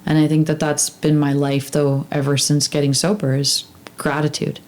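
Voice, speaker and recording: Low-pitched woman, earnest conversational podcast guest, halting delivery. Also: level tone, darkish tone. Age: adult with two daughters. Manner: earnest, halting, many fillers and restarts. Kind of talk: casual heartfelt conversation.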